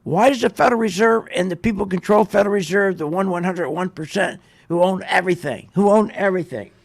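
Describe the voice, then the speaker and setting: A man hosts a radio show, ranting sarcastically in opinionated market commentary. His voice sits high for a man and has a gravelly fry running through it. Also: quick pace. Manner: ranting, sarcastic, mocks others in put-on voices.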